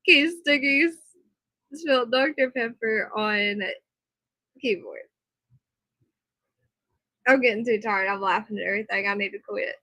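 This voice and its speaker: A woman live streaming from her computer, reading a news report aloud and chatting with viewers in animated asides. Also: on the high side, measured pace, long pauses, dry recording, low-quality recording. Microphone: computer mic, earbud in for monitoring.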